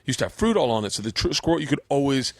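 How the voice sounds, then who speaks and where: Animated storytelling man, lively pitch. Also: racing, no echo. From Florida. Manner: animated storyteller who acts out quotes with cursing. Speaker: podcast host. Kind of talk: casual podcast chat.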